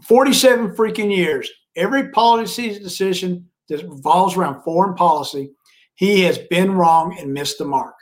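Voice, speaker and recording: A man's voice: sits high, normal speed. A man co-hosting a political podcast, talking bluntly with some mild cursing. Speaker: podcast co-host. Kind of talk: casual political commentary.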